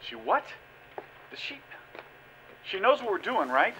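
An actor playing a decisive male leader speaking over a radio link, brisk and commanding. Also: sits high, very animated, sharp tone, slight background noise, heavily acted, rough recording.

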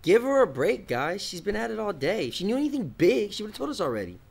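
Man doing protective son, teasing, very lively swinging intonation. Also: sits high, fast, gravelly, husky, exaggerated voice.

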